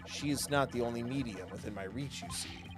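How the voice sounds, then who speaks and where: Man doing a masked villain, low, quiet, slow, menacing, faint music behind. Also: lightly acted. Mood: sinister.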